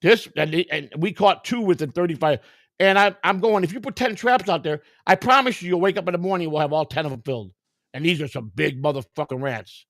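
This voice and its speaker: A high-pitched man with a gravelly, fry-laden voice, chatting over a video call. He tells stories in a loose, animated way and swears constantly. The sound is dry and close. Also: brisk, no echo. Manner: animated storytelling, heavy swearing, mimics a pleading neighbor. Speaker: stream host. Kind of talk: casual profane chat on a video call.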